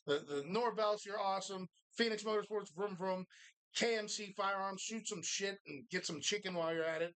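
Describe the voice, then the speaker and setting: A man's voice: high voice, brisk, few pauses, fairly bright tone, clear, resonant tone. A man hosting a live bar podcast, joking crudely and rambling through sponsor reads. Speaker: podcast host. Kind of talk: crude casual banter.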